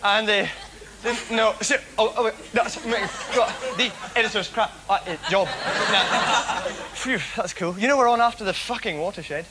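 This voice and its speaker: A man's voice: high-pitched, normal speed, noisy background. A man telling a rambling comic story on a TV show, giggly and manic, full of restarts. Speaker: comedian host.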